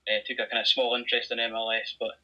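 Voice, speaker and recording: A Scottish man talks quickly and cheerfully as a podcast guest. His voice is bright and forceful, and the sound is dull and lo-fi, as if it comes through a phone. He speaks in a relaxed, easy way. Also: mid-range voice. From Scotland. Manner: relaxed, friendly, chatty with laughs. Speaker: guest writer. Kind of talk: podcast interview chat. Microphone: phone line. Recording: muffled phone-line audio.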